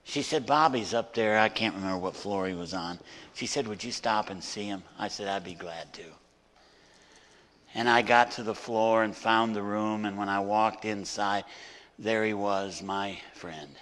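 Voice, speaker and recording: In a sermon as a guest speaker, an older man narrates a story and performs the voices of the people in it. He speaks at a normal speed with a fairly low pitch and a fairly bright tone, with hall reverb around him.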